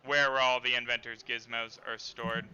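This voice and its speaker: A man's voice: mid-range voice, little pitch movement, normal speed, dull audio, crowd noise. A man narrating a tabletop western game as game master over a headset.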